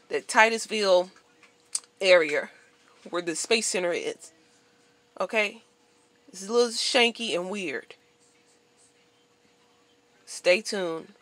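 Woman vlogger, blunt and profane, bright forceful voice, dry close sound. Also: medium pitch, no room sound. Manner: blunt, profane, animated storytelling. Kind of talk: venting monologue to camera.

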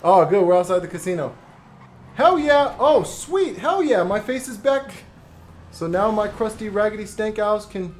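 A rowdy, hollering young cartoon guy, as a man puts him on for a gaming livestream. The voice sits high and brash, always loud and worked up. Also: animated, moderate pace, a little hiss or hum. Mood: excited. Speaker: streamer.

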